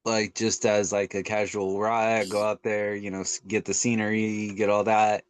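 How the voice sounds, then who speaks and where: A young man talks in a loose, rambling way, circling back and restarting his sentences as he chats. His voice sits a little low and the sound is dry and close, with no room around it. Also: level tone, moderate pace, clean tone, no room sound. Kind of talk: casual chat.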